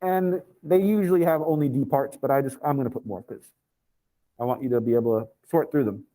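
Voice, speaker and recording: Relaxed, mellow-voiced male physics teacher. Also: medium pitch, low-quality recording. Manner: thinks aloud, casual asides, slow deliberate reading of formulas. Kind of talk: live online class lesson.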